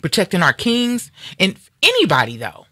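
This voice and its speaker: This is a woman ranting on a talk radio show, angry, emphatic and defiant. Her voice is bright and sharp. The sound is dry and close. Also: mid-range voice, wildly swooping pitch, moderate pace, no room sound. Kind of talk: heated talk radio rant.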